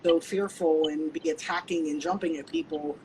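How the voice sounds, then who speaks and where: A woman hosting an online interview, with a voice pitched a little low for a woman. She speaks earnestly, circling her points as she goes. A clear hum of background noise runs under her. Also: steady tone, moderate pace. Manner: earnest, rambling advocacy talk. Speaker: host and founder of the show. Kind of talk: casual interview chat.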